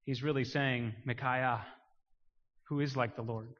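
A man preaching a sermon, swinging from quiet emphasis to loud, rising declarations. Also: medium pitch, fairly even intonation, measured pace. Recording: muffled sound with long hall reverb.

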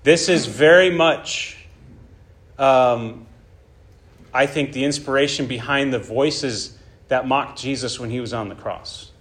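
Emphatic male preacher, mid-pitched. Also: slow, fairly bright tone. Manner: emphatic, checks in with "right?" and "okay?". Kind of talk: sermon.

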